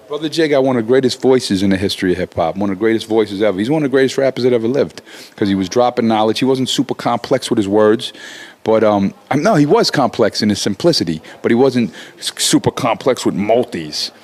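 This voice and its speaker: Talking fairly quickly in a medium pitch, a forties-aged rapper gets animated in a profane, casual interview, cursing and starting his sentences over as he heats up.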